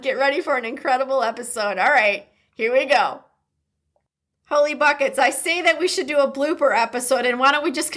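The podcast's host, a woman with an American Midwestern accent, has a slightly high and fairly bright voice. She sounds upbeat and talkative while reading her intro and sponsor message, dropping in playful comments along the way.

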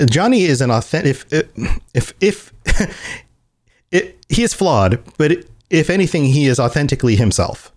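A man's voice: on the high side, unhurried. A man in casual chat, telling a game story with lots of restarts and acting out the characters' lines. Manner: animated storyteller who acts out quoted lines.

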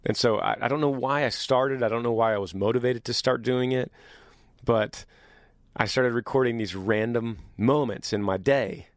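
A man hosting a casual solo podcast in an upbeat, chatty way, his voice deepened by years of singing. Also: normal speed, dry recording, studio quality. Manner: upbeat, chatty, teasing his younger self. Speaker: podcast host.

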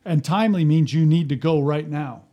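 Higher-voiced man telling work stories. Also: moderate pace, dull audio. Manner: storytelling, acts out quotes, frequent restarts. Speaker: former fire captain. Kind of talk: casual podcast conversation.

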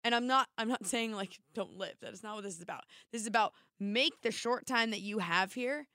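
A woman with a slight New Jersey accent co-hosting a radio podcast in a casual, teasing, loud way. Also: fairly high pitch, fairly quick, dry recording, studio quality. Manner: loud, teasing, talks in bursts. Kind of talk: casual chat.

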